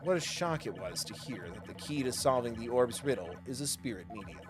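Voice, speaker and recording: A man voicing a menacing male villain disguised by a voice changer, low and slow. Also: lively intonation, over music, lightly acted. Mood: sinister.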